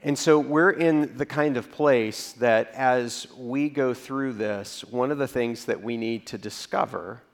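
A pastor preaching in a conversational way. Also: male voice, a little slow, hardly any pauses. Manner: conversational storytelling, acts out reactions in a low voice. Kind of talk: sermon.

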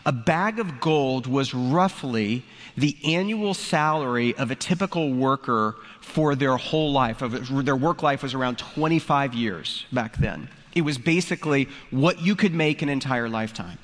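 A man's voice: mid-range voice, lively intonation, a little slow. A man preaching a sermon in a conversational way, explaining scripture with casual asides. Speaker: pastor. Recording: reverberant hall.

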